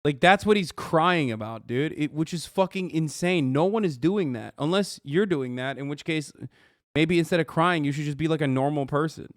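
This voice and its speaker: A man's voice: a little high, normal speed, dry recording, clean studio sound. Profane, incredulous male streamer. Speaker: streamer host. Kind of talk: reaction commentary.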